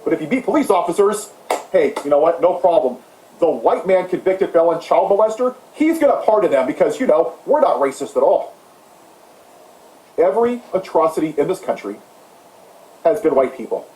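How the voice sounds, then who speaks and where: A man's voice: fairly high pitch, very animated, a little fast, dark tone, reverberant, rough recording. A man delivering a heated, sarcastic political rant as the host of his own channel. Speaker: political commentator. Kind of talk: impassioned ranting monologue.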